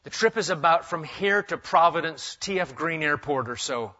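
A man's voice: a little high, lively intonation, moderate pace, bright, forceful tone, highs cut off. A man preaching an expository sermon in a conversational way, with joking asides. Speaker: pastor.

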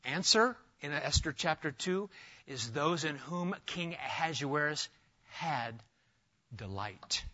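Animated high-voiced preacher, bright tone. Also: male voice, slow, dull audio. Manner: animated, emphatic teaching with restarts. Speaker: pastor. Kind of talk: expository sermon.

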